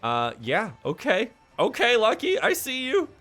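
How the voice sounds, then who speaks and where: A man's voice: very high voice, measured pace, faint music behind. A man narrating a tabletop game as game master, playful and full of fillers. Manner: lively and playful, with many fillers.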